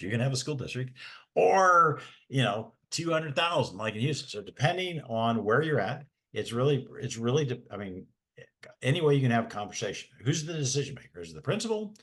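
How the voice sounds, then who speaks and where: Man, folksy, rambling, restarts a lot, mid-pitched voice. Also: expressive, fairly quick, a bit bright. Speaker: special education advocate. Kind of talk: casual webinar talk.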